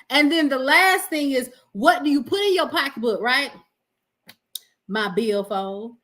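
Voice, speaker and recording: A woman's voice: sits high, animated, slow pace, long pauses, a bit bright. A woman with a Southern US accent hosting a podcast in casual chat, folksy and self-mocking, laughing often. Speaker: podcast host.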